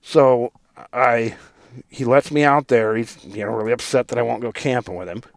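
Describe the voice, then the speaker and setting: Gravelly man telling stories. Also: medium pitch, fairly even intonation, moderate pace, dry recording, clean studio sound. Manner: profane, rambling, laughs mid-story. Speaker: podcast co-host. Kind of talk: casual storytelling chat.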